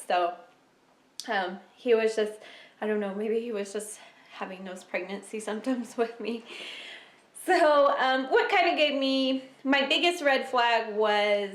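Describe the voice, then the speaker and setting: Chatty young woman in an echoey room. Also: on the high side. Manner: chatty, emotional, laughs often. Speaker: vlogger. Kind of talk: casual chat to camera.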